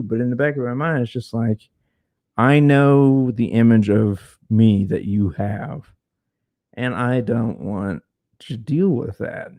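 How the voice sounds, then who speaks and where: A man's voice: mid-range voice, unhurried, darkish tone, dry recording. Frank, cursing man telling a story. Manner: frank, profane, repeats words when starting. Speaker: podcast guest. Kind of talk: casual storytelling.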